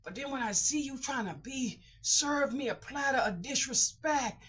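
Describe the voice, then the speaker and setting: A woman's voice: high voice, moderate pace, a bit bright, breathy edge. A woman talking candidly in a personal vlog, blunt and emotional, rambling and repeating herself. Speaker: vlogger. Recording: dull lo-fi audio.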